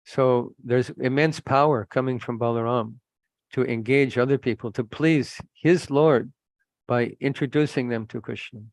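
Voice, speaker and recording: A man's voice: medium pitch, steady tone, a little slow, gravelly, no echo. A man preaching a sermon, earnest and admonishing, telling stories to make his points. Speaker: preacher, monk. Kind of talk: sermon with anecdotes.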